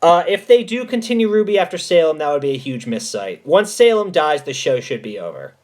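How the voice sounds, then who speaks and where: A man chats on a home livestream, telling stories and answering viewers. His voice sits a little high and swings widely in pitch. He talks emphatically and swears freely. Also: big pitch swings, fairly quick. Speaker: livestream host answering chat. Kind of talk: casual chat and storytelling.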